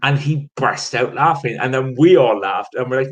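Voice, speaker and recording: A man's voice: mid-range voice, a little fast, few pauses, low-quality recording. A man from Ireland, a theatre producer, telling stories in a casual video-call chat with many restarts. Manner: rambling, many restarts and fillers.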